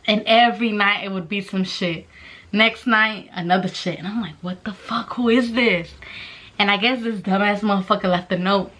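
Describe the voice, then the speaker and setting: A young woman telling a story casually to the camera, swearing constantly and acting out voices with animated energy. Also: medium pitch, moderate pace. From Mexican-American. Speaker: vlogger.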